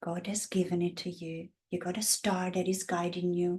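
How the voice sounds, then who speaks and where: A woman's voice: lowish voice, level tone, normal speed, darkish tone. A woman in her fifties with an Italian accent, a guest and women's coach talking passionately in a casual interview. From Italy. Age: 50s. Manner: passionate, acts out the voices of the women she describes.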